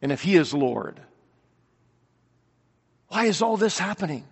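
A man preaching a sermon, earnestly asking rhetorical questions and swinging between loud declarations and quiet reflection. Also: high-pitched, animated, a little slow, gravelly, slightly rough. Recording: long reverb of a large hall.

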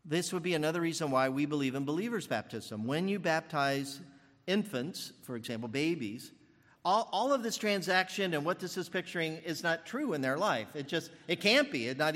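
A man's voice: on the high side, very animated, fairly quick, a bit bright, in a large hall. An older man preaching a sermon as pastor, thinking aloud with fillers and restarts.

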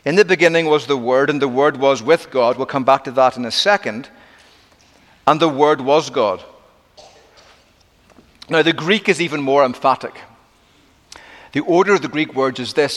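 A middle-aged man preaching a sermon as pastor, emphatic, slowing and dropping to a hush for weight. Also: fairly high pitch. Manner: emphatic preaching with dramatic slowdowns and drops to a hush. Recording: long hall reverb.

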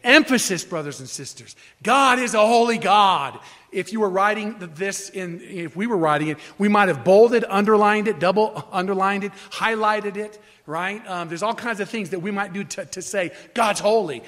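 A man with a notably high-pitched voice delivers a teaching sermon to his congregation. He explains Scripture point by point, leaning hard on key phrases and often restarting his sentences as he works through an idea. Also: moderate pace, few pauses, a bit bright. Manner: emphatic, explanatory, with frequent restarts and fillers. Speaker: pastor.

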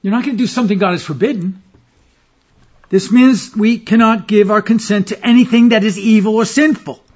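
A man preaching an expository sermon as pastor, stressing key phrases by slowing down. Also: sits high, darkish tone, lo-fi sound.

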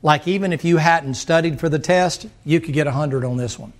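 Folksy preacher, high-pitched voice. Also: male voice, a little fast. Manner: folksy, rising to emphatic shouts, acts out voices. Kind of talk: sermon.

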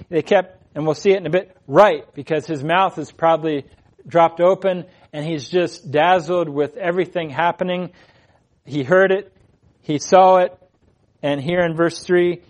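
A man preaching an expository sermon in an earnest, emphatic way, his voice swelling louder on key phrases. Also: on the high side.

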